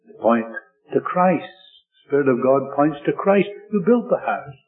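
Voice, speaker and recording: Man, sermon, measured emphatic preaching, repetition, tinny phone-like radio sound. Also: a little high, lively intonation. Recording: tinny lo-fi radio broadcast with faint music.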